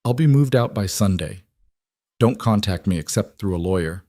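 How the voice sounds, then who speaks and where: A man voicing a composed woman leaving her cheating husband, speaking in calm, clipped, resolute lines. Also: fairly low pitch, normal speed, no echo, studio quality.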